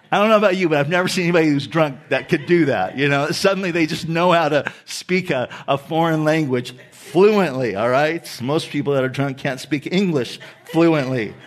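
A man preaching a sermon, telling Bible stories with conversational asides and acting out the quoted lines. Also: high voice. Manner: animated, acts out quoted speech, conversational asides. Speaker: pastor.

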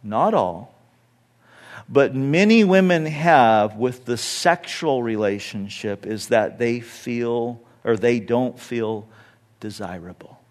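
A middle-aged man preaching a sermon as a pastor, earnest and animated, who acts out the voices he quotes. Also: medium pitch, takes it slowly.

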